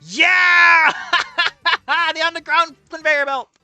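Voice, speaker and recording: Woman, high lively voice, exasperated reaction commentator who swears, yells and mutters. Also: normal speed, no room sound, faint music behind. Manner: laughs often, trails into low mutters. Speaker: fanfic reader and commentator.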